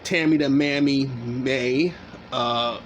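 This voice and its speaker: A man's voice: mid-range voice, fairly even intonation, slow, slight background noise. A man hosting a reaction commentary, cursing and heated as he interrupts a clip. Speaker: commentary channel host.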